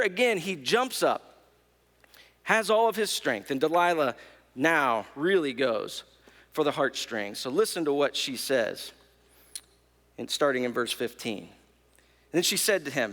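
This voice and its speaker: A man preaching a sermon as pastor, telling the story with lively storytelling and acting out the characters' lines. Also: on the high side, unhurried, long reverb tail. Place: church.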